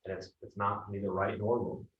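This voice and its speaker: Man, sales coach. Lowish, direct, heard distant and echoey on a call. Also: little pitch movement, normal speed, narrow, tinny audio. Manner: direct, keeps asking "right?". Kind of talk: coaching feedback.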